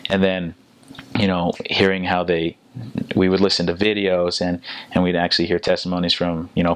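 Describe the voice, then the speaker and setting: A young man with an American accent talks in a low, level voice, recorded close and dry. He tells his story casually and loosely, restarting phrases and leaning on fillers as he goes. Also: dry recording. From United States. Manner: relaxed and halting, with many fillers and restarts. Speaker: returned missionary.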